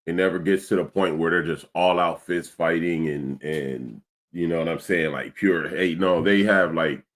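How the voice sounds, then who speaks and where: Man podcast host with a very low voice, relaxed storyteller, laughs easily. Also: normal speed. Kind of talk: casual chat.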